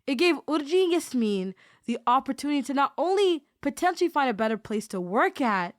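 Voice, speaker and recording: Higher-voiced woman narrating a story. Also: sing-song, a little fast, dry recording, studio quality. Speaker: podcast host narrating. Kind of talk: scripted narration.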